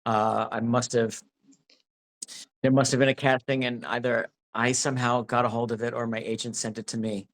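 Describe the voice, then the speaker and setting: A man's voice: medium pitch, level tone, moderate pace. A man being interviewed about his acting work, talking casually and rambling with many restarts. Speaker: actor, interview guest.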